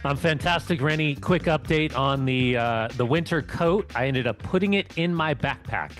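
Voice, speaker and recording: A man's voice: a little high, moderate pace, a bit bright, soft background music. A man co-hosting a podcast and chatting casually, telling rambling stories with lots of restarts. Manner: rambling storyteller with many restarts. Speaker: co-host.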